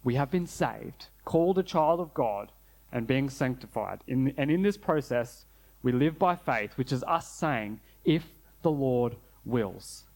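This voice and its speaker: A man preaching a sermon, earnest, slowing down and dropping low to stress key phrases. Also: lively intonation, darkish tone. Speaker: pastor.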